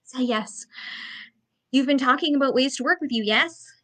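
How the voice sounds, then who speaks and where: A woman's voice: sits high, moderate pace, fairly bright tone. A woman business coach giving a blunt, emphatic motivational talk in a conversational way, full of fillers.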